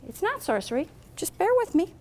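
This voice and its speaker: A woman voicing a wise old man with a magic spyglass in a story she tells, speaking calmly and patiently. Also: extremely high pitch, brisk, pitched above the performer's own voice. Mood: insisting.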